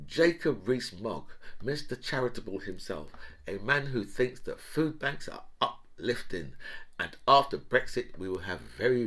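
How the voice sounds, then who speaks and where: A man's voice: fairly low pitch, a bit bright. A middle-aged man, ranting sarcastically about politics in casual talk, with mocking laughing asides. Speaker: political commentary host.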